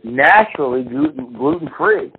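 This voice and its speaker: This podcast host has a gravelly, fairly high voice with big pitch swings, talking at normal speed. In a casual, rambling, profane chat, he drops into over-the-top impressions of people. The recording is lo-fi and phone-like with faint noise.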